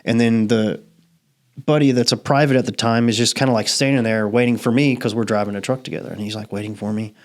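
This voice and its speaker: A man's voice: mid-range voice, fairly even intonation, quick pace. Profane storytelling host, a man. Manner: profane, storytelling, laughs often. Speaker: podcast host. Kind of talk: casual chat.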